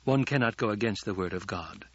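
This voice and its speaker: A man's voice: on the low side, a little fast, slightly rough, highs cut off. A man voicing a commanding, calculating young male ruler with clipped delivery.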